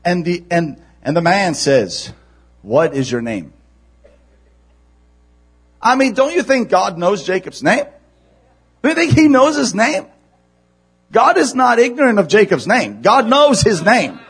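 A male pastor delivers a sermon in a high, husky voice with very lively pitch. He drops to hushed, low stretches and then climbs to near-shouted emphasis. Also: measured pace. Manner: animated, swings from hushed to shouting.

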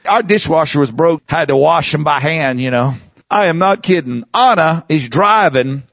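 A middle-aged pastor in full flow, his voice leaping up and down with energy and slightly higher than most men's. He rushes through some phrases and slows right down to stress others. The sound is close and dry. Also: vocal fry, no room sound. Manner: animated preaching, swings from fast bursts to slow emphatic words. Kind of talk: lively sermon. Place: church.

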